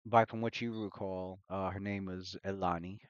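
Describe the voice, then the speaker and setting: A lowish-voiced man runs a tabletop game, describing the scene in halting, restarting phrases. His voice comes through a dull, dry home mic with no room sound. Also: steady tone, clear, resonant tone, dry recording. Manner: halting, full of fillers and restarts. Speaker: game master. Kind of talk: narrating a tabletop game on a livestream.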